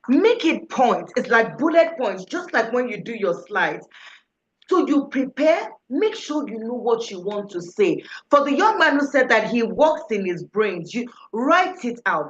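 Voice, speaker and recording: Lady teaching a speaking class, lively voice, echoey room, kinda dull lo-fi sound. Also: fairly high pitch. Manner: animated, acts out examples, direct and coaching. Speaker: public speaking trainer. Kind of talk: workshop teaching to a live class.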